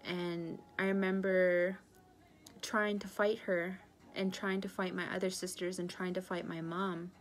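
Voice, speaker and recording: A woman of about 30 from northern British Columbia, Canada, recounting her own story in earnest, confessional testimony. Her voice sits low and moves very little in pitch. She speaks haltingly, pausing often and filling the gaps with small fillers. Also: level tone. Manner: halting, with frequent pauses and fillers. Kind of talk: personal recovery testimony.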